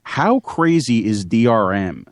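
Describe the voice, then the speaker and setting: A man co-hosting a casual podcast chat, talking haltingly with many fillers and restarts. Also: medium pitch, big pitch swings. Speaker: podcast co-host.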